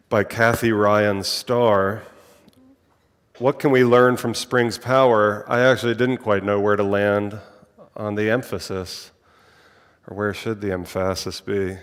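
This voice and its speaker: A man's voice: fairly low pitch, smooth. A man from Virginia, a minister, giving a sermon and spoken prayer, playful with wordplay and then solemn. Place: church sanctuary. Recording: long hall reverb.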